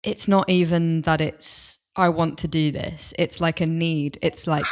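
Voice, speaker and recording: A female guest on a podcast with a fairly low voice, speaking into a desk microphone. She talks openly and with enthusiasm, often breaking off and restarting her thoughts in casual conversation. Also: fairly even intonation, measured pace.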